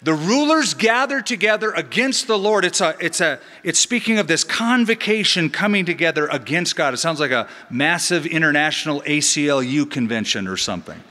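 With a bright, ringing voice pitched slightly higher than most men's, a middle-aged pastor delivers a sermon in a large church sanctuary. His teaching is animated and sprinkled with joking asides, spoken a little fast with hardly any pauses. A long reverb from the big hall trails his words.

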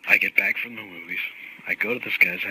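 A man's voice: deep voice, quick pace, bright, forceful tone, low-quality recording. A young man casually telling a rambling story to a friend, laughing often and swearing. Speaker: podcast co-host. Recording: faint background noise.

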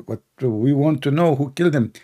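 A man's voice: medium pitch, brisk, dark tone, lightly acted. A man doing a stammering, baffled caller. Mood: bewildered. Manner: hesitant and stammering. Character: confused, timid man calling for help.

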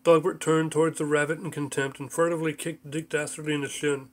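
A man's voice: on the high side, little pitch movement, fast. A man reading his own book aloud as audiobook narration, with mild voice shifts for the characters.

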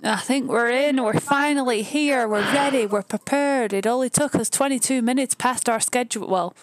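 A woman with a Northern English accent chatting casually and excitedly as co-host of a live stream. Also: on the high side, normal speed, noisy background. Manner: chatty and talkative, easily excited.

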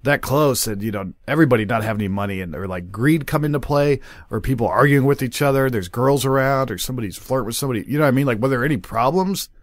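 A man's voice: medium pitch, quick pace, hardly any pauses, dry recording, clean studio sound. A man hosting a casual podcast, asking long rambling questions and cursing bluntly. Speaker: podcast host.

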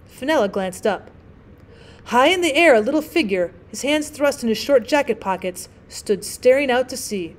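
A woman teacher narrating a classic short story as an audiobook, with clear, measured storytelling. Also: fairly high pitch, lively intonation. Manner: clear, measured storytelling with gentle voices for characters.

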